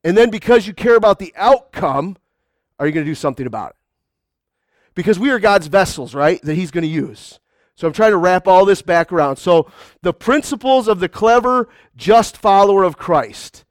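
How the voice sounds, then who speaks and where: A man's voice: high voice, expressive, moderate pace, no echo, clean studio sound. A man preaching a conversational sermon to a congregation, often calling out to the crowd. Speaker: pastor.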